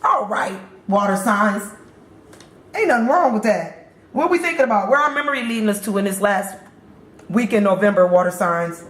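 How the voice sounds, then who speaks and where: A woman's voice: mid-range voice, brisk, fairly bright tone, reverberant. A woman giving a casual tarot reading and talking straight to her viewers in a chatty, repetitive way. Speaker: tarot reader.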